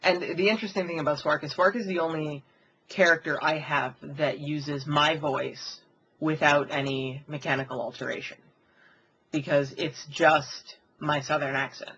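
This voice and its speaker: A woman's voice: low-pitched, fairly even intonation, moderate pace, fairly bright tone, breathy edge, muffled recording. A woman voice actress chatting casually about her characters, rambling with lots of fillers. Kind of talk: casual behind-the-scenes chat.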